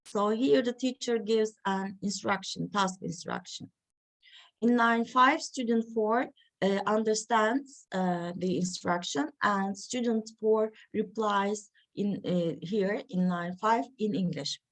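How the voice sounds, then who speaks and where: A woman giving an academic reading session, talking slowly and haltingly with many fillers. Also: medium pitch. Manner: slow, halting delivery with frequent fillers. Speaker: lecturer.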